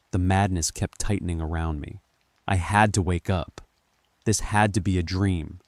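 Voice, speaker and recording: A man narrating a scripted horror story in a calm, measured first-person telling. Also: deep voice, no echo.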